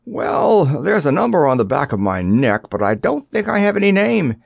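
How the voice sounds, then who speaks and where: A man voicing a gentle, naive stuffed dummy king in a storybook reading, quaint and mild. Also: fairly high pitch, very animated, normal speed, creaky, no echo, voice pushed up, heavily acted. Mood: earnest.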